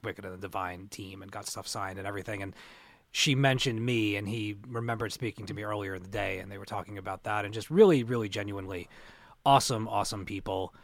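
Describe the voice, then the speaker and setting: A man's voice: fairly low pitch, a bit bright, no echo. A young adult man co-hosting a podcast, rambling through convention stories with many restarts. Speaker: podcast co-host. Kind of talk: casual podcast chat.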